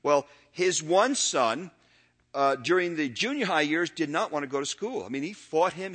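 An older male pastor delivers a teaching sermon with a bright, forceful edge and a somewhat high pitch. He rises to loud, emphatic points, then drops to quiet, low asides. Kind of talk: sermon lecture.

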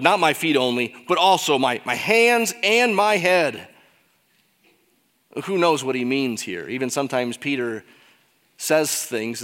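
A pastor preaching a sermon, emphatic at times and dropping to quiet asides. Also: male voice, in a large hall. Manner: expressive, swings between emphatic peaks and quiet low asides.

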